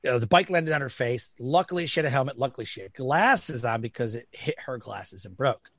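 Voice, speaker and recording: A man's voice: medium pitch, animated, fairly quick, fairly bright tone, no echo. A middle-aged man from Detroit, talking bluntly and emphatically in a casual conversation, acting out what others said. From Detroit, Michigan. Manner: blunt, emphatic, acts out quoted voices. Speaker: podcast guest.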